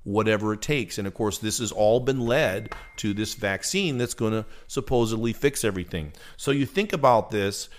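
A man's voice: lowish voice, lively intonation, moderate pace, hardly any pauses. A man hosting a casual talk show, explaining things at length and laughing easily.

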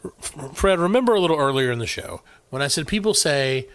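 A man's voice: a little high, expressive, a little fast, a bit bright, no echo. Playful male podcast host, dry sound. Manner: playful, joking, spells words out. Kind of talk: casual comedic chat.

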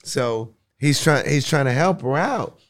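A man spinning a comedy story with a lively, swooping voice. He laughs through his lines and slips into the voices of the people he is describing, in a relaxed, casual conversation. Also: medium pitch, a little slow. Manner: animated, laughs often, acts out voices in his stories. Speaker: guest comedian.

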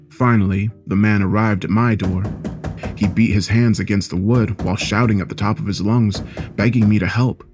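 A man reading a scary story aloud in a measured, steady storytelling voice. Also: lowish voice. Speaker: narrator. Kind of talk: scripted horror story narration.

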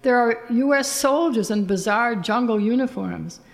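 A woman narrating a literary first-person story in a measured, expressive reading voice. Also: fairly high pitch, creaky.

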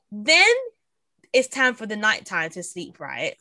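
A woman's voice: medium pitch, sing-song, normal speed, bright, forceful tone. A young woman, co-hosting a casual podcast chat, acting out quotes and laughing often. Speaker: podcast co-host.

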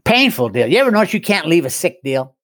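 A man's voice: on the high side, sing-song, fast, fairly bright tone, no echo. Wry man telling his story. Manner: wry, self-mocking humor with chuckles. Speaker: guest speaker in recovery. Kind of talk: casual storytelling.

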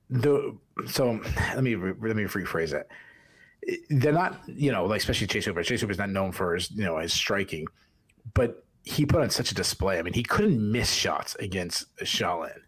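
Boston-accented male podcast co-host, lower pitch, rambling casual fight talk. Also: fairly bright tone, slightly rough. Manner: rambling, many restarts and fillers. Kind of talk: casual fight analysis chat.

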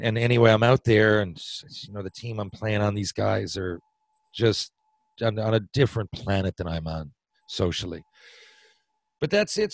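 A man's voice: on the low side, no room sound, rough recording. A man from Newfoundland with a Newfoundland accent, a podcast guest telling a long hockey story, rambling and restarting his sentences and swearing casually. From Newfoundland, Canada. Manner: rambling, self-interrupting storyteller who swears and laughs easily.

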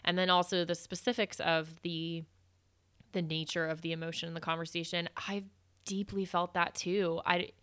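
A woman's voice: on the low side, level tone, clear, resonant tone. A woman hosting a casual conversation, rambling through her thoughts and laughing easily. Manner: rambling, warm and playful, quick to laugh. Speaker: podcast host.

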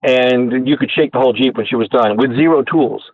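A man telling his inventor story as a radio guest, animated and acting out the people he quotes, heard over a tinny phone line. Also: mid-range voice, brisk, no echo. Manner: animated storyteller who acts out quoted voices. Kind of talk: casual storytelling interview.

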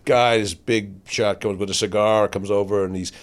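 A man's voice: on the low side, fast talker, few pauses. A man, a guest comedian, telling a story in casual chat and acting out the voices he quotes. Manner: animated, acts out quoted voices.

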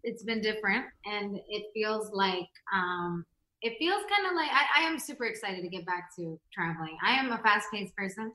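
A woman's voice: medium pitch, sing-song, normal speed, pushed and bright, echoey room, poor audio. A young woman from the US, a pop singer being interviewed, chatting in a bubbly, giggly, rambling way from home. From United States. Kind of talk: casual interview chat. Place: home, remote call.

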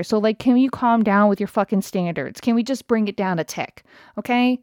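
A woman's voice: a little high, moderate pace, darkish tone, dry recording, studio quality. A woman telling a story about a bad day in a heated, exasperated way, swearing often as she rants. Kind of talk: casual angry storytime rant.

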